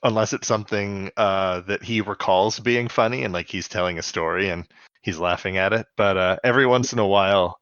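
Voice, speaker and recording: A man's voice: sits low, brisk, fairly bright tone, dry recording. Joking male podcast co-host, dull dry sound. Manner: jokey, slips into a put-on Canadian voice with "eh". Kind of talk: casual chat recapping a cartoon episode.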